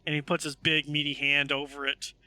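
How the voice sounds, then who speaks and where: A man running a tabletop game as game master, explaining rules and narrating at an unhurried pace with many restarts. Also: fairly high pitch, level tone, bright, forceful tone, dry recording. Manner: unhurried, with frequent restarts and asides.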